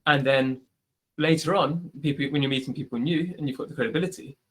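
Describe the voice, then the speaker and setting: This British podcast host speaks briskly in a slightly high, somewhat bright and slightly rough voice. Answering live questions on a video call, he's chatty and advice-giving, with lots of "like" and "right?".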